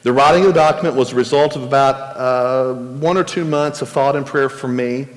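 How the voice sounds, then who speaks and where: A man's voice: medium pitch, brisk, big-room sound. A man, a pastor, talking earnestly and conversationally to his congregation, often restarting his words. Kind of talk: church teaching session. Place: church sanctuary.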